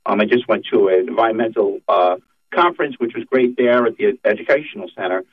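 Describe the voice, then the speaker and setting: A man's voice: lowish voice, fast talker, slightly rough. A middle-aged man, a political guest on a talk show, speaking in a fired-up, emphatic, repetitive way. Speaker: state senator guest. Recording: tinny phone line.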